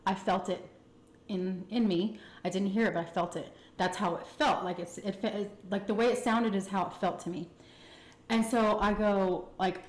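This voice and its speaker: A woman with a Texan accent telling a candid, chatty personal story to her viewers, full of fillers and animated retellings. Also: medium pitch, roomy sound. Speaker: food vlogger telling a story. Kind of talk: casual storytime chat.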